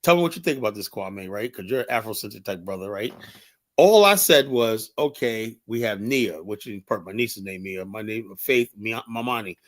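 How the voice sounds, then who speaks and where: A man's voice: on the low side, animated, brisk. A man hosting a livestream show, talking bluntly and rambling, with lots of "you know". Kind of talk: casual livestream commentary.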